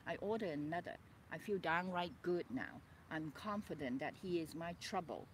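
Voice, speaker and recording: A woman author reading her own memoir aloud, expressive and dramatic, breaking off for chatty asides. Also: on the low side, normal speed, slight background noise. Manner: expressive, swings between soft and loud, chatty asides.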